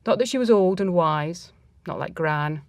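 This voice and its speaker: A woman reading a first-person story aloud in a reflective, measured manner. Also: lowish voice, expressive, a little mellow, no room sound.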